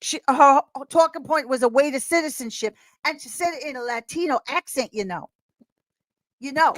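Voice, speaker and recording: A high-pitched woman chatting as a podcast guest, animated and rambling, breaking into laughter often. Her voice is close and dry with no room sound. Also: normal speed, no echo. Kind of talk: casual chat.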